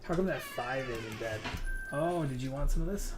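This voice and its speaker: A man's voice: medium pitch, expressive, normal speed, over music. Young man gamer, loose rambling chat with cursing. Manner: rambling, swears freely, talks to players and his kid. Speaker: gaming streamer. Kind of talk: casual chat while playing a hunting game.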